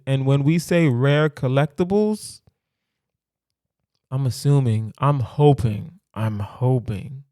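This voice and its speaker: A man's voice: fairly high pitch, warm tone, clear, resonant tone, no echo, clean studio sound. Playful, rambling male podcast comedian. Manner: playful, rambling, thinks aloud with lots of "right?". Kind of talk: solo podcast monologue.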